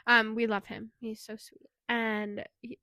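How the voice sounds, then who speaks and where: A woman's voice: on the high side, flat delivery, measured pace, pushed and bright, no room sound. A woman co-hosting a casual book podcast, summarizing plot in a chatty way with many fillers. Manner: chatty, filler-heavy, laughs easily. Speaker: podcast co-host. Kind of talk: casual book review chat.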